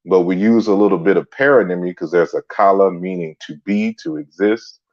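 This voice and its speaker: A man hosting a relaxed livestream lecture, greeting viewers by name as he talks. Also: sits low, fairly quick, highs cut off. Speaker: livestream host and author. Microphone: computer mic on a stand.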